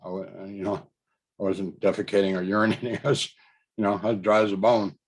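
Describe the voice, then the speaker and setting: Man, lowish voice, casual rambling storyteller who chuckles between thoughts. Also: little pitch movement, fast, slightly rough. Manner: rambling, with many fillers and restarts. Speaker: storyteller recounting a personal experience.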